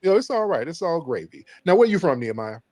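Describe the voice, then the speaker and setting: Mocking call-in host, dry close voice. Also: male voice, fairly high pitch, big pitch swings, a little mellow, no echo. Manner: mocking, insulting, quick comebacks. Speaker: livestream host taking callers. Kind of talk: casual call-in chat.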